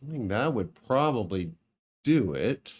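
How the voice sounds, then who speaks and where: Musing aloud with small laughs, a man talks casually through his farming game as a let's play. His mid-range voice has a sing-song quality and a measured pace.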